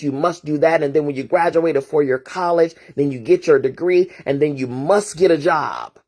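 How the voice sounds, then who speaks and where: A woman's voice: deep voice, a little mellow. A woman talking as a therapist and host in a casual morning monologue, emphatic and preachy, hammering points home through repeated phrases and rhetorical asides.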